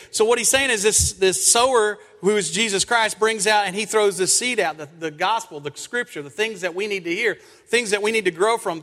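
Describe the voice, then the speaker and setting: A middle-aged man preaching a sermon in a church, an animated storyteller who acts out his own lines in stories. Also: high-pitched. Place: church sanctuary. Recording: long church hall reverb.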